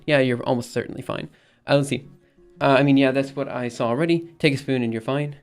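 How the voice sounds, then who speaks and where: A young man rambling in casual live-stream chat, reading messages aloud and repeatedly insisting things are fine. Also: medium pitch. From United States. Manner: rambling, reads chat aloud, exasperated but reassuring.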